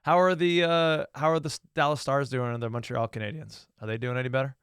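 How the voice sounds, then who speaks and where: A man's voice: mid-range voice, steady tone, fast talker, a bit bright, clean tone, no echo, clean studio sound. A man co-hosting a casual sports podcast, joking and teasing his cousin in an easygoing way. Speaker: podcast co-host.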